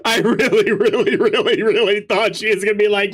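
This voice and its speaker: A man's voice: high voice, very slow, pauses often, slightly rough. A man reading a webcomic aloud and reacting in a chatty, jokey way, often laughing. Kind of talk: casual reading and reaction commentary.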